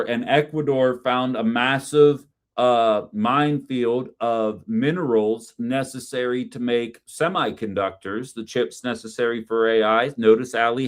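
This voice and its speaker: A middle-aged man hosting a political call-in stream, talking in a blunt, sarcastic, profane way. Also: mid-range voice. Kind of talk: casual political commentary.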